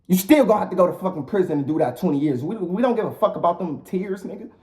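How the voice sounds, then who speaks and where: A man's voice: high-pitched, expressive, quick pace, mellow. A man voicing a harsh male judge who scolds bluntly. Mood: scolding. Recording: roomy echo.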